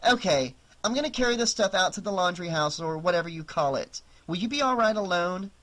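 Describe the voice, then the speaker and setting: A man's voice: high voice, lively intonation, brisk, a bit bright, voice pushed up. A man voicing a wisecracking, sarcastic young woman babysitter in an audiobook, with a raised, lighter voice. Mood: dry sarcastic.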